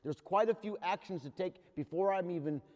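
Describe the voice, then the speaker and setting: A man's voice: high-pitched, brisk, a little mellow. Earnest man talking in a reverberant hall. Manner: earnest, plain-spoken storytelling. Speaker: recovery workshop leader. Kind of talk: candid personal talk to a recovery group.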